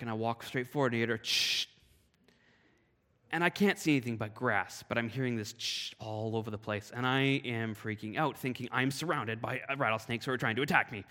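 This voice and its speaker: Man preaching in a reverberant hall. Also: mid-range voice. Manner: storytelling, lively and animated in anecdotes. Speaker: pastor. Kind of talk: sermon with personal story.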